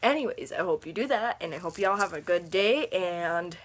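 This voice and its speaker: A young woman telling a rambling story on her vlog, laughing often as she talks, with a slightly husky voice. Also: lowish voice, expressive, normal speed. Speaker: vlogger.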